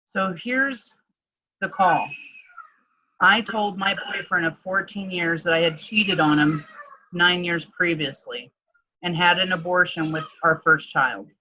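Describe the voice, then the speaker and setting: A woman coach telling a personal story in a casual interview, animated and chatty, often acting out what others said. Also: on the low side, unhurried, lo-fi sound. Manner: animated, acts out quoted dialogue, frequent "like". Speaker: guest, transformation coach.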